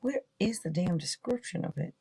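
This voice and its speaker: A woman hosting a live tarot reading stream, talking in an excitable, rambling way and swearing casually. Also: lowish voice, moderate pace, creaky, breathy edge, rough recording.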